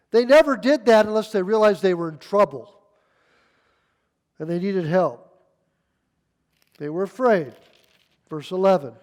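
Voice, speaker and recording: High-voiced emphatic older preacher, man. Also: a little mellow. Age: 60s. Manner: emphatic, folksy, reads scripture aloud. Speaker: pastor. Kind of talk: sermon.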